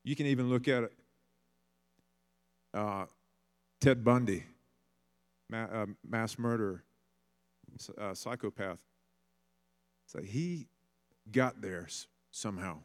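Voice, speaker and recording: A man delivering a sermon at a middle pitch. He talks casually, like he is telling a story. He sometimes acts out the voices of the people he describes. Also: smooth. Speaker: pastor.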